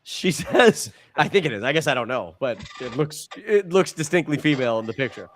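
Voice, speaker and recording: A man co-hosting a podcast, telling stories in a profane, animated way and stumbling over repeated words. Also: on the high side, a little fast, slight background noise. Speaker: podcast co-host. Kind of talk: casual podcast chat.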